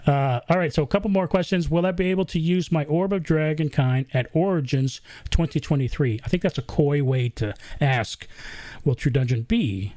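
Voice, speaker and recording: A man's voice: on the high side, moderate pace, darkish tone, dry recording. A male host in a casual live-stream interview, chatting and reading viewer questions aloud. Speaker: podcast host.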